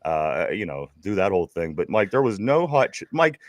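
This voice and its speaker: A man's voice: sits low, very animated, normal speed. A man with a Pittsburgh accent co-hosting a casual sports podcast. His voice rises and falls a lot as he rambles, stammering and repeating words. The sound is dry and close, with no room echo. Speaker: podcast co-host.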